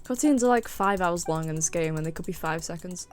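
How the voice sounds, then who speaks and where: A woman's voice: on the low side, a little fast, soft background music. A British woman streaming a game, talking casually, exasperated and swearing, sometimes muttering under her breath. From Britain. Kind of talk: casual gameplay commentary.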